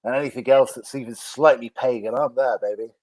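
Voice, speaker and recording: A man chatting casually as a co-host or guest, relaxed, his phrases often trailing off softly. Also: mid-range voice, fairly quick, no room sound. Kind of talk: casual live-stream chat.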